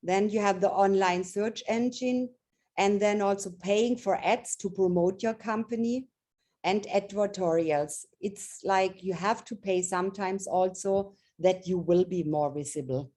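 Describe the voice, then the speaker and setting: A woman's voice: mid-range voice, unhurried, dark tone. A woman from Germany, a native German speaker, giving a webinar presentation as a trade fair expert. She explains earnestly and often repeats or restarts her phrases.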